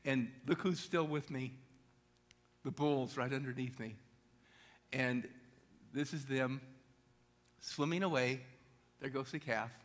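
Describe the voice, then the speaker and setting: A middle-aged man, a motivational speaker, telling an energetic story to a church audience and asking them questions. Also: medium pitch, slow pace, pauses often.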